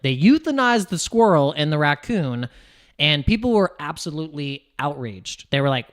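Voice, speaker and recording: Rambling American man streaming crypto chat. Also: normal speed. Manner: rambling, restarts, laughs, animated swings in pitch. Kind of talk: casual livestream chat.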